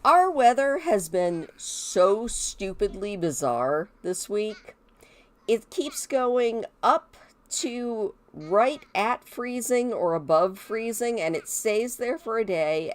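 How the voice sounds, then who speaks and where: A woman's voice: medium pitch, lively intonation, slow pace. A woman, chatting casually as she narrates a life-sim game and talks to the characters. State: stuffy nose. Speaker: gameplay video host. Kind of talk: casual gameplay commentary.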